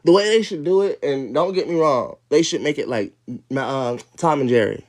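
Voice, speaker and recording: A man's voice: fairly high pitch, normal speed, a little mellow. Rambling, profane man on a phone livestream. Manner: rambling, profane, laughing asides. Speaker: livestream host reading a storybook. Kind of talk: casual livestream read-aloud with commentary. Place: at home, moving from outdoors to his room.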